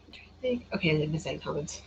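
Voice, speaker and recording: A woman's voice: low-pitched, expressive, racing, gravelly, background noise. A tired woman chatting casually on a gaming livestream, reading and answering viewer comments and laughing often. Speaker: gaming streamer.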